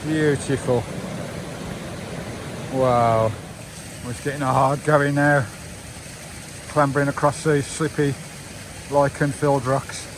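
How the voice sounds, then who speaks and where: A man's voice: medium pitch, level tone, takes it slowly, pauses often, background noise. A man chatting casually to his viewers while he walks a wooded hillside trail. He rambles, keeps calling out to the viewers and his dog, and records on a handheld camera outdoors. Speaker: vanlife vlogger. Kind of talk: casual walking vlog chat to viewers.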